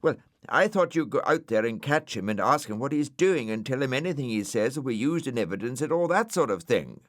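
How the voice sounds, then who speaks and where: A man's voice: medium pitch, animated, a little fast, no room sound, studio quality, pitched above the performer's own voice, close to an everyday voice. A man voicing an eager, chattering snail.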